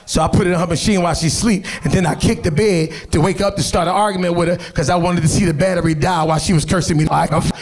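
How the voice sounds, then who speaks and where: A man from doing brash, profane stand-up, telling animated stories on a comedy stage. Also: high-pitched, fast talker, hardly any pauses, a little hiss or hum. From Philadelphia.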